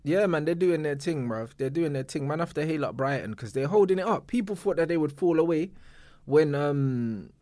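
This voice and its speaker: A man's voice: fairly high pitch, animated, moderate pace, a little mellow, no room sound. A man, co-hosting a podcast in laid-back, slang-heavy football chat. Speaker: podcast co-host. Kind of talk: casual football banter.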